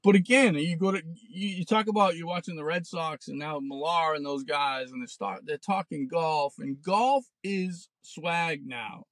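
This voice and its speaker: A man's voice: on the high side, normal speed, hardly any pauses, a bit bright, no echo. A man in his forties hosting a podcast, ranting bluntly and sarcastically with plenty of swearing, recorded in a parked car. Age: 40s. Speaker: podcast host. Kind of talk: ranting casual monologue.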